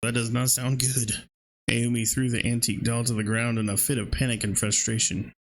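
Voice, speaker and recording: A man's voice: mid-range voice, level tone, a little fast, slight background noise. A man playing a horror game and reading its dialogue aloud, with casual, slangy reactions in between. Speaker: gaming video creator.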